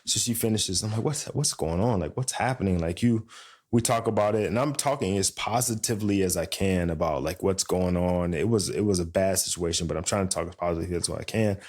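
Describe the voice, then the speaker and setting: Deep-voiced man telling a story. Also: fast. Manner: animated storytelling, acts out quoted voices. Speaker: podcast co-host. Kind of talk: casual chat.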